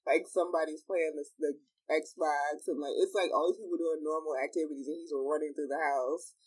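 A man's voice: a little high, steady tone, a little fast, poor audio. A man co-hosting a podcast in casual chat, laughing often between remarks. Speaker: podcast co-host. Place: home.

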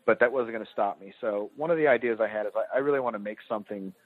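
A man's voice: lowish voice, rapid-fire, no echo. A man, a filmmaker guest on a podcast, telling a candid, self-deprecating story in casual chat. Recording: tinny phone-like line.

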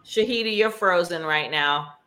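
Bright-voiced blunt woman co-host. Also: on the low side, normal speed. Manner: blunt, animated, acts out quotes. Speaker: podcast co-host. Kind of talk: casual recap chat over video call. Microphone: video call.

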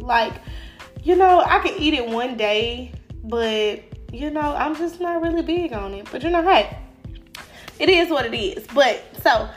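A woman's voice: a little high, expressive, unhurried, soft background music. A woman, stuffy from a cold, hosting a faith-based motivational podcast in a casual, encouraging way with many fillers. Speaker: podcast host.

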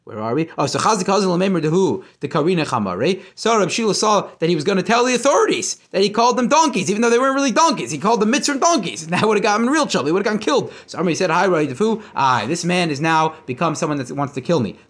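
A man giving a casual Talmud lesson, reading passages and retelling them with animated storytelling, often restarting and correcting himself. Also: high-pitched, racing, few pauses. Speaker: Talmud teacher.

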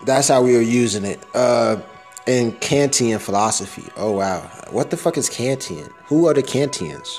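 A man's voice: mid-range voice, lively intonation, normal speed, a little mellow, faint music behind. A young man rambling through a casual, profane audio diary, laughing at his own jokes.

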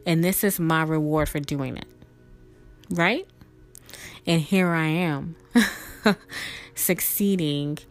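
A young woman hosting a podcast, telling a spiritual story in a chatty, emotional way with laughs and fillers. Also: low-pitched. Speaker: podcast host.

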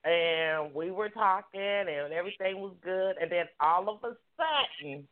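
A woman's voice: a little slow, narrow, tinny audio. A woman hosting a casual chat, telling a story and acting out the quotes in it. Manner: animated, acts out quotes with big pitch jumps. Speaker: host.

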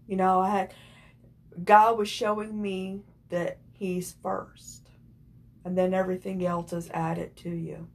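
A woman with a Southern US accent speaks slowly and sincerely. She is co-hosting a relaxed conversation about relationships and faith, and her tone stays earnest throughout. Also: lowish voice. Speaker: co-host. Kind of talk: casual chat.

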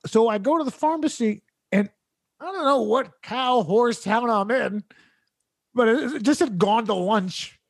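High-voiced man telling a sarcastic story. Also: measured pace, creaky, no echo. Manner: sarcastic, exasperated, laughs through his story. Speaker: podcast host. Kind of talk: comedic storytelling rant.

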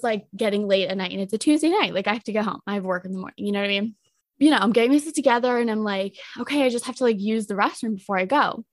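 A young woman cohosting a podcast, telling a dating story in a casual, animated way, jumping up in pitch when she quotes people. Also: dry recording, clean studio sound. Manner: animated, acts out quotes with jumps in pitch, many fillers.

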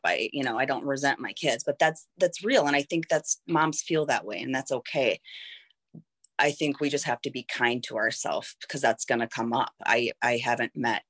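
A woman's voice: a bass voice, normal speed, a bit bright. A woman in her thirties talking as a guest in a candid personal conversation, reflective and frank, with many "like"s as she thinks aloud. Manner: reflective, frank, heavy use of "like".

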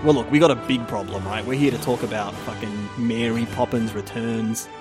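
A man's voice: mid-range voice, steady tone, moderate pace, music in the background, lightly acted. Man doing a swearing Aussie podcast bloke. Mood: blustering. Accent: put-on Australian. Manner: swearing, rambling, lots of "mate". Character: crude blokey Australian podcast host man.

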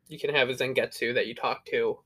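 A man's voice: medium pitch, steady tone, a little fast, a bit bright. A young man co-hosting a podcast in casual chat, laid-back, laughing easily and swearing casually. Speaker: podcast co-host.

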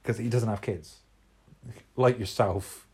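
A man's voice: lowish voice, fairly even intonation, slow, a little mellow, husky. Rambling man in casual chat. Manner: rambling, searches for words mid-sentence.

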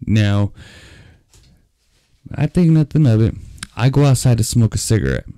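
A man's voice: fairly low pitch, dark tone, no room sound, clean studio sound. A man casually retelling a scary personal story in a rambling, profane way.

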